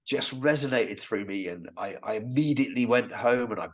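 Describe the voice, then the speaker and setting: A man's voice: medium pitch, normal speed. A man, a guest on a podcast, telling stories in an enthusiastic, rambling way and often restarting his sentences. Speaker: Stonehenge guide and podcast guest. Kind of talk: casual storytelling interview.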